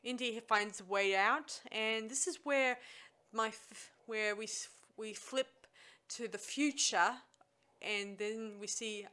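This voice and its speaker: A woman with a bright, clear tone excitedly walking through a film's plot. She rambles a little and pauses on fillers as she talks. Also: fairly high pitch. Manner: enthusiastic, rambling with restarts and fillers. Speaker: co-host recapping a film. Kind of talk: casual chat.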